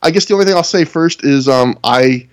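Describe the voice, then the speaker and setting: A man's voice: fairly high pitch, a little fast, clean tone. A man co-hosting a podcast, chatting casually as he reviews a show, rambling and laughing often. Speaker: podcast co-host. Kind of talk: casual chat reviewing wrestling shows.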